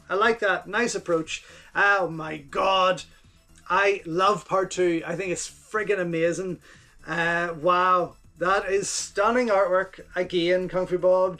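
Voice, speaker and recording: A man's voice: high-pitched, fairly bright tone. A man, hosting his channel and gushing his way through a casual unboxing commentary, repeating his words of praise. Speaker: channel host reviewing home video releases.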